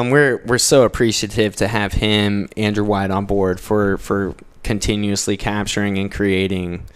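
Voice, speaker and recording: A man's voice: on the low side, smooth. A man, a musician guest on a podcast, talking earnestly and casually, often repeating words as he goes. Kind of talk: casual chat.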